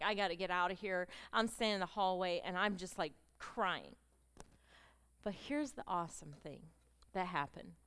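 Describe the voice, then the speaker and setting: A middle-aged woman telling her story as a sermon to a group of women, moving from hushed storytelling to fervent, emotional exclamations. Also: lowish voice, smooth. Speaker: speaker at a women's gathering. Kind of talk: testimony sermon.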